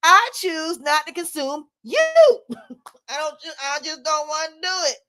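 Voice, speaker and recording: A woman speaks straight to her camera in a casual vlog. Her voice sits high, and she sounds defiant and emphatic. She circles back over the same points and breaks into laughs. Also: big pitch swings, a little slow, fairly bright tone. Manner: defiant, emphatic, repeats herself, laughs often. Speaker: vlogger, life coach.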